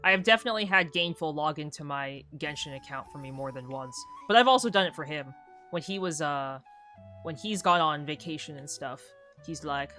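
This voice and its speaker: A woman's voice: sits low, brisk, sharp tone, faint music behind. A woman streaming a video game, chatting casually and rambling through stories while acting out what her friend said. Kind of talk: casual live-stream chat while gaming.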